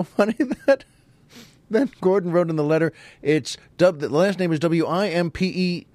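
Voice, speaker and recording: A man's voice: medium pitch, darkish tone, no room sound. A man hosting his own show, telling stories in a rambling, digressive comic monologue. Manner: rambling, digressive, chuckling storyteller. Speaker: host.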